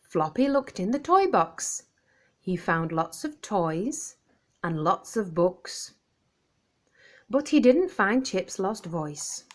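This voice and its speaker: A woman reading a children's picture book aloud, clear and expressive for young listeners. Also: medium pitch, slow pace. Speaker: storyteller.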